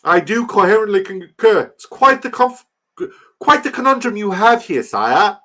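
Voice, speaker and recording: A man putting on a posh high English gentleman. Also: very animated, normal speed. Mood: lofty. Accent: put-on English. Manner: fussy, lofty, high-pitched.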